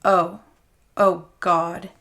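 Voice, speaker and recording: A woman's voice: fairly low pitch, little pitch movement, drawn-out words, gravelly, a bit bright, full character voice. A woman voicing a terrified young woman who stammers and cries out for help in a horror story. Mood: frightened.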